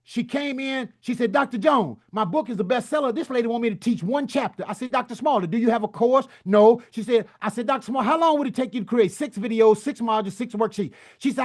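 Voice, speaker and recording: A man, preaching a hyped motivational talk to a summit audience. He works the crowd in call-and-response, with folksy phrases and sudden bursts of shouting. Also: very high voice. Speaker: book coach and summit speaker.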